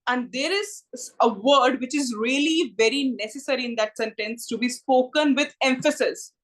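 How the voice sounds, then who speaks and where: High-voiced woman tutor with an Indian accent. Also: moderate pace, fairly bright tone. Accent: Indian English. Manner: switches into Hindi to explain, addresses students with "ji". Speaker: spoken English tutor. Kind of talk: online class teaching.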